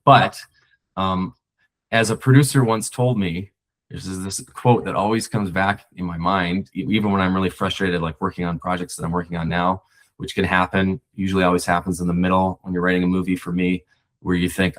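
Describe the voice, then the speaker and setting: A man's voice: deep voice, flat delivery, brisk. A man talking as a podcast guest, a screenwriter, reflective and rambling with many restarts. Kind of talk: casual conversation.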